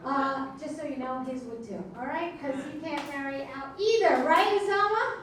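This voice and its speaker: A woman's voice: high voice, normal speed. A woman hosting a comedy club night, doing stand-up between acts and teasing and hyping the crowd in a brash way. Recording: echoey club room, distant mic, background noise.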